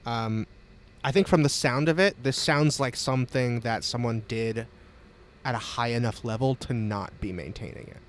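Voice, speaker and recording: Relaxed man running a tabletop game. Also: medium pitch, moderate pace. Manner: relaxed, laughing easily. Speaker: game master.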